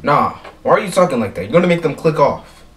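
A man doing comedic gameplay commentary in a joking, slangy, animated way. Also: on the high side, quick pace, slight background noise. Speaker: gaming YouTuber. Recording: background music under voice.

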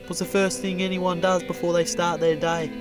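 A man voicing a scruffy bushman in an adult cartoon, with a slow, crude drawl. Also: high-pitched, little pitch movement, over music, natural voice. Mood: laid-back. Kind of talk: adult animated comedy voice acting.

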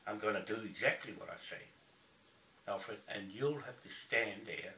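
A man's voice: lowish voice, sharp tone. A man with a New Zealand accent, delivering a combative, swearing rant aimed at someone he calls out by name. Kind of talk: angry rant to camera. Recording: echoey, from a distance, faint noise.

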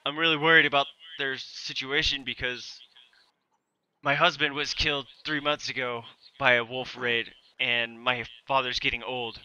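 A man's voice: mid-range voice, level tone, normal speed, bright, forceful tone, clean tone, muffled recording. A young man narrating as game master, describing scenes and quoting characters in a casual way. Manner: casual, laughing, describes and quotes characters plainly.

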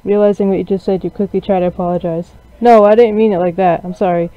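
A man's voice: high-pitched, fairly even intonation, quick pace, smooth, dry recording. Man mocking a visual novel aloud. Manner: sarcastic, mocking asides. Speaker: gaming channel host. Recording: dry, dull lo-fi recording.

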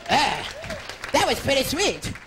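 A man doing stand-up comedy in a live venue, camp and animated with rapid asides. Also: extremely high pitch, vocal fry, crowd noise, noisy background. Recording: echoey live room with audience.

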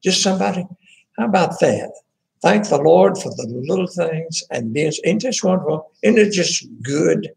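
A man, a pastor talking informally through the church's prayer requests in a halting, folksy way with many fillers and restarts. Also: on the high side, animated, creaky, darkish tone, poor audio.

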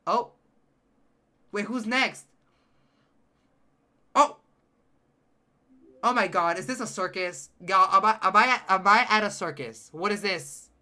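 A man streaming a game live, reacting with loud, excitable outbursts and teasing his chat. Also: sits high, slow pace, long pauses. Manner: addresses chat directly, playful teasing. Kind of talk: live gameplay commentary.

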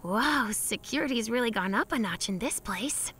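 A woman's voice: on the high side, moderate pace, natural voice. Woman voicing an eager cartoon pet filmmaker. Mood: determined. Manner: animated, sighing and gasping. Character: eager young cartoon pet making movies. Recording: music playing underneath.

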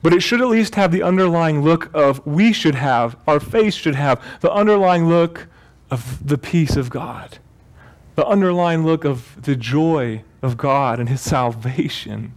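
In church, a pastor gives a sermon in a slightly high, animated voice at an unhurried pace. He keeps it loose and jokey, often stopping mid-sentence to correct himself.

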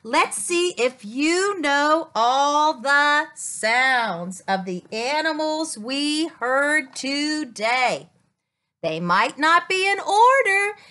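A woman speech-language pathologist leading a playful children's lesson in an animated, sing-song, exclamatory way. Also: high-pitched.

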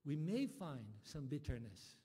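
A man preaching a sermon as pastor, speaking with passion and moving from soft, quiet lines to loud, rising appeals. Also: on the high side, big pitch swings, unhurried, breathy edge. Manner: impassioned, swings from soft to loud. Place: church sanctuary. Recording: long hall reverb.

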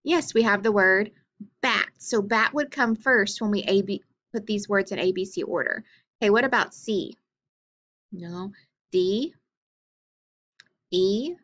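A woman teacher leading a phonics lesson, naming letters and sounds slowly and patiently. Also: mid-range voice, a bit bright. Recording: dull lo-fi recording.

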